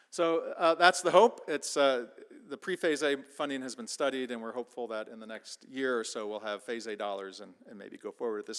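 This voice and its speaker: A man's voice: mid-range voice, fairly bright tone. A man giving a technical conference talk in a casual, loose way, full of fillers and restarts. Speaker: conference speaker.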